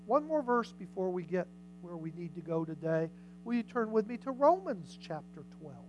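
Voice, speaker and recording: The pastor here is very animated, speaking at a moderate pace in a medium pitch during a church sermon. The talk is casual, full of questions to the congregation and scripture readings, shifting from loud to soft. The recording has its highs cut off and slight background noise.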